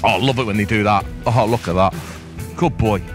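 A man's voice: lowish voice, a little fast, over music. An English man fishing outdoors in a challenge, overheated and out of breath, complaining with wry humor. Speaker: angler and co-host. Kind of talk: banter while fishing outdoors.

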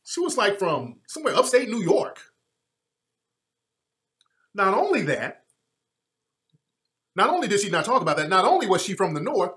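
A man's voice: high-pitched, a bit bright. A man giving a heated commentary rant, emphatic and repetitive, with frequent swearing. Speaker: online commentator.

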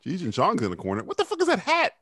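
Very animated higher-voiced man riffing. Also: rapid-fire, dry recording. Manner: playful, laughing, swearing. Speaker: podcast co-host. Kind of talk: casual movie commentary banter.

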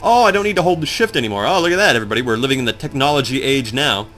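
A man chats over a game he is playing, rambling and swearing at his own confusion, his pitch leaping around in lively swings. His voice is bright and forward, and faint game music plays underneath. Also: very fast. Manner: rambling, excitable, swears a lot, talks to the viewers. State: groggy, just woke up. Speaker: let's play commentator. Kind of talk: casual gameplay commentary.

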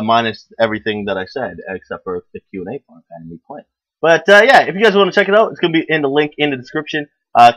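Upbeat rambling young gaming host. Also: male voice, mid-range voice, no echo, lo-fi sound. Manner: upbeat, rambling, self-mocking with filler and restarts. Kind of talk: casual joking promo for a livestream.

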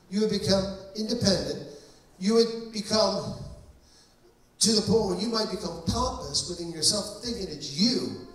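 A man's voice: high voice, fairly bright tone. A male pastor preaching a deliverance-service sermon in an emphatic storytelling manner with frequent fillers. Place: church hall. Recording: echoey church hall, mic distant.

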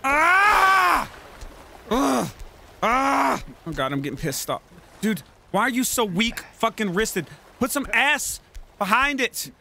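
A man giving excitable, profane gameplay commentary, yelling at and coaching his game character. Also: sits high, slight background noise. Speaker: let's play gamer.

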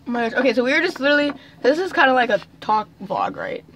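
Teen girl, high bright voice, silly and random, faint hiss in the back. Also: wildly swooping pitch, quick pace, rough recording. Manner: goofy, silly, blurts random lines. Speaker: sister and co-host. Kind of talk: chaotic casual chat with a sibling.

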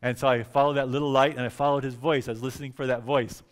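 Animated man preaching a revival sermon. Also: mid-range voice, quick pace. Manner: animated, repeats words for emphasis, acts out quotes softly. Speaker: pastor. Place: church sanctuary.

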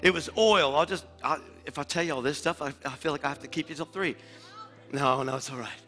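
A male pastor preaching a sermon in a church, dropping to hushed asides and rising to loud declarations. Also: a little high, fast, long reverb tail, faint music behind. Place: church sanctuary.

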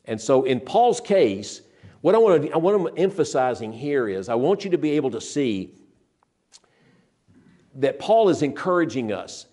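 An older man preaching a sermon, earnest and emphatic, who slows down to stress scripture and often repeats and restarts his phrases. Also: mid-range voice, very animated, warm tone.

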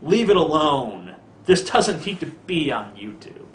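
A man's voice: a little high, big pitch swings, unhurried, roomy sound. A man ranting in a video commentary, sarcastic, profane and mocking. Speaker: vlogger.

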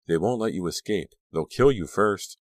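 A man playing a coldly calm sinister aunt. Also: low-pitched, moderate pace, no echo, clean studio sound, voice pushed up. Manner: soft, steady, coldly insistent. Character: sinister middle-aged woman, calm and menacing.

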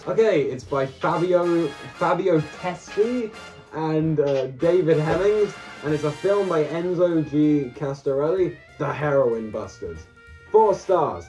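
A man's voice: fairly high pitch, expressive, slow pace, darkish tone. A man co-hosting a casual chat, reading odd shop listings aloud in a joking, mocking way. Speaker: co-host. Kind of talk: casual chat while browsing a shopping site. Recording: distant mic with background music.

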